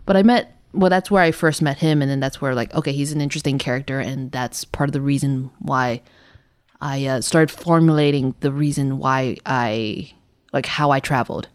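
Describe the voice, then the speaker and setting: A woman's voice: extremely low pitch, steady tone, moderate pace, no room sound, studio quality. A woman co-hosting a podcast, talking in a rambling, hesitant way with many fillers and laughs. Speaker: podcast co-host. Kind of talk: casual chat.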